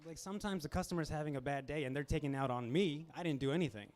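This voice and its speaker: Young man doing stand-up, casual and deadpan. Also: a little high, fast, a little hiss or hum. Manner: casual, deadpan asides, acts out customers. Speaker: stand-up comedian hosting a comedy show. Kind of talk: stand-up comedy set. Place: small comedy club, live audience.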